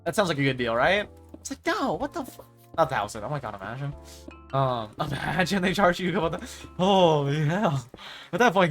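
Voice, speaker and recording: A man's voice: medium pitch, a bit bright. A young man streamer in casual chat, ranting in exasperation and swearing freely as he mimics the people he talks about.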